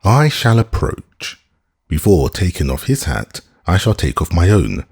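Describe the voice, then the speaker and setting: Man doing a giddy, theatrical young gentleman. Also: big pitch swings, gravelly, slightly rough, heavily acted. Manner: rapid, high-spirited, declamatory.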